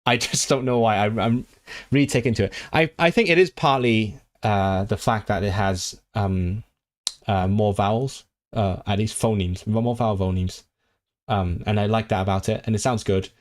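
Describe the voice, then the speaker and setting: A man's voice: lowish voice, normal speed. Rambling man chatting on a livestream. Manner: rambling, frequent restarts and fillers, reads chat aloud; enthusiastic about languages. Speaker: language streamer. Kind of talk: casual livestream chat.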